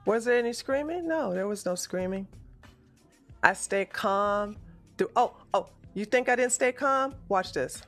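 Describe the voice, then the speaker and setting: On his political livestream, a man with a high-pitched, slightly bright voice and lively intonation works through an argument at a measured pace, faint music behind him. His delivery is emotional and stammering, full of self-corrections.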